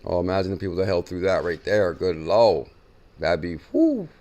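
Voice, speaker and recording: A man hosting a casual crypto news show, reacting excitedly and repeating figures from a clip he plays. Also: sits low, brisk. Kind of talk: casual chat.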